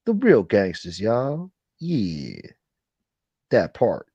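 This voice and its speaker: A man's voice: lowish voice, unhurried, mellow, dry recording, muffled recording. A man hosting a casual livestream chat, ranting with profanity and thanking viewers for donations. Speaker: livestream host.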